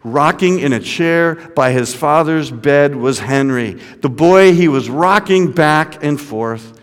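A man preaching a sermon, retelling a story dramatically, his voice dropping to a hush and then rising high. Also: slow pace. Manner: dramatic, swinging from hushed to raised. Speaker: pastor. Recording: long hall reverb.

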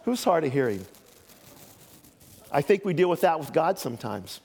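A man's voice: a little high, big pitch swings, moderate pace, creaky, long pauses, a little mellow, breathy edge, long reverb tail. An older man preaching a sermon as pastor, telling folksy stories with joking asides.

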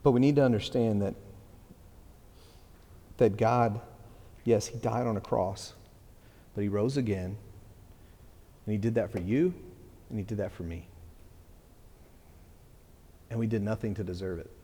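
Middle-aged male pastor, earnest sermon, low warm voice, hall reverb. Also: fairly even intonation, measured pace, pauses often. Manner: earnest, repeats words, restarts phrases. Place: church hall.

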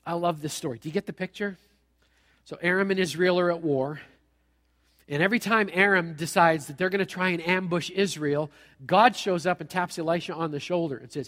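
A male pastor preaching a sermon in a lively, conversational way with playful asides. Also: high-pitched, a little fast. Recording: long hall reverb.

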